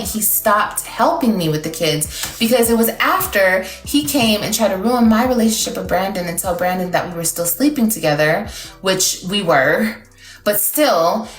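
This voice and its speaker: A woman talking casually to her livestream viewers in a rambling, emotional way, full of fillers and restarts. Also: mid-range voice. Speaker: TikTok livestreamer. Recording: echoey room.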